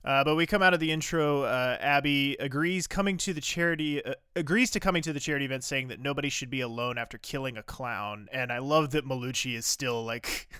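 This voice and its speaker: A man's voice: medium pitch, fairly quick, hardly any pauses, pushed and bright, smooth, dry recording, studio quality. A man co-hosting a podcast, recapping a TV drama in casual, rambling chat with lots of fillers. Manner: enthusiastic, rambling with many fillers. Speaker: podcast co-host.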